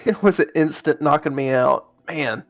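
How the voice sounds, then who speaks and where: A man's voice: a little high, unhurried, gravelly, highs cut off. A man playing a tabletop game, playful and given to stammering and laughing. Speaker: player. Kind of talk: casual tabletop play.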